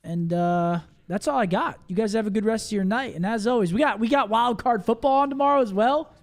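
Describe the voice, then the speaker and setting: A man's voice: high-pitched, a little fast. A young man co-hosting a casual esports watch party, laid-back and swearing casually as he runs through tomorrow's schedule. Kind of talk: casual stream chat and wrap-up.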